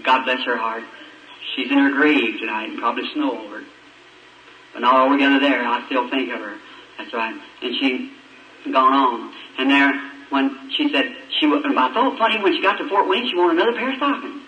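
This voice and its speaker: A man with a medium-pitched voice preaches a sermon at a brisk pace, telling a story in a folksy, emotional style and acting out the characters' voices. The old recording sounds roomy, distant, and dull, with a faint hiss.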